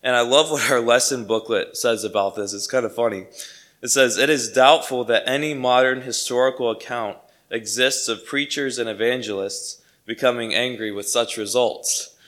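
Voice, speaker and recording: Man, preacher, sermon, bright tone, mid pitch, emphatic, repeats phrases. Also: normal speed.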